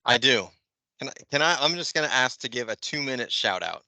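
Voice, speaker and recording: A man in his fifties chats on a podcast with a very bright, crisp voice. He tells stories with animation and swears freely. The mic is close and dry. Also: medium pitch, expressive, brisk, dry recording. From Northeastern US. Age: 50s. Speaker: podcast co-host, Jets fan. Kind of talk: casual podcast chat.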